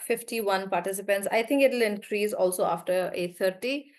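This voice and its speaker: A woman teaching a live online English class, warmly praising students and slowly drawing out words as she models how they sound. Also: medium pitch. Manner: encouraging, drawn-out words when modelling pronunciation.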